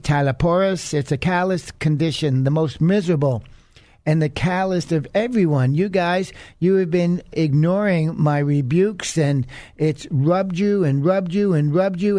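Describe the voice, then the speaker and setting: Male radio Bible teacher, slightly high voice, earnest and chatty, dry close sound. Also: darkish tone, dry recording. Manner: earnest, conversational, with fillers.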